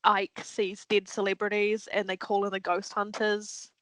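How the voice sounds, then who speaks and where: A woman co-hosts a casual podcast, retelling stories with lively, animated flair and voicing the people she quotes. She swears freely as she talks. The recording is dry and close, with no room sound. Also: mid-range voice, measured pace, no room sound, rough recording. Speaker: podcast co-host. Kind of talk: casual chat.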